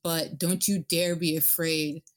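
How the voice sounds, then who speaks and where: A woman's voice: low voice, little pitch movement, measured pace. A woman playing a proud, stern woman pirate admiral who scolds a younger man. She sounds challenging and firm.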